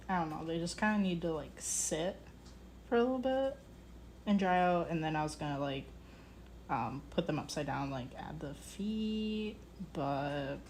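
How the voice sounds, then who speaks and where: A woman's voice: on the low side, darkish tone, a little hiss or hum. A young woman streaming live from her ceramics studio, chatting casually with many fillers and self-corrections while she works. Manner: distracted while working with clay. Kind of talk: casual working commentary.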